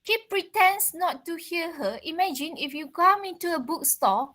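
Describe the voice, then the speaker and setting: A woman's voice: very high voice, animated, moderate pace, sharp tone. A woman teacher with a Malaysian accent explaining a play to a class, checking in with questions. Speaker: English literature teacher.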